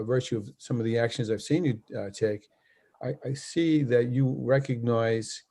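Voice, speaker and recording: A man's voice: mid-range voice, dark tone. A man hosting an interview who praises his guest effusively and stammers and repeats words as he talks. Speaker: host. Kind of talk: interview chat.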